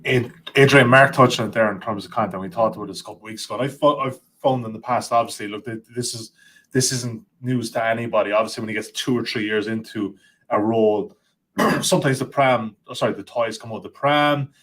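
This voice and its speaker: A man's voice: fairly low pitch, fairly even intonation, fairly quick, fairly bright tone, husky. A man hosting a football betting podcast, chatting loosely and prompting his guests with questions. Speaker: podcast host. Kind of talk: casual chat.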